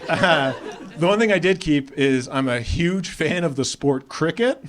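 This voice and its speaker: A young man from Australia with an American accent performing a stand-up comedy set on a club stage, animated and jumping into high voices for quotes. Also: measured pace. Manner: animated, jumps up in pitch for acted-out quotes. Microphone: handheld stage mic. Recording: live club set with crowd laughter. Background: audience laughter.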